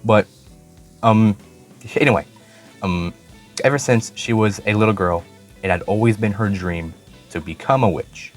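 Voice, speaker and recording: A man with a very low voice recaps an anime in a loose, rambling way. He swears freely and trips over his own words. Faint music plays under him. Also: measured pace, pauses often. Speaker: anime reviewer. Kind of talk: casual profane recap. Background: faint background music.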